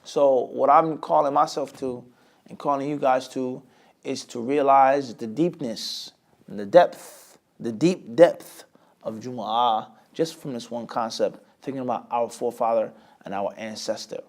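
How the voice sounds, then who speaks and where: A man's voice: mid-range voice, a little slow, creaky. A man teaching with rhetorical questions. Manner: asks rhetorical questions and answers them himself; lively, with many sudden rises and drops in loudness. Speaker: Islamic teacher. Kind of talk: lecture class.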